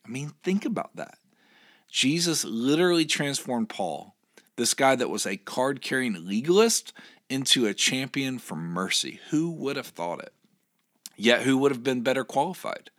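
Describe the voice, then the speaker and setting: A man's voice: medium pitch, sing-song, normal speed, fairly bright tone. A male pastor giving a short, earnest devotional sermon, reading scripture aloud and encouraging his listeners.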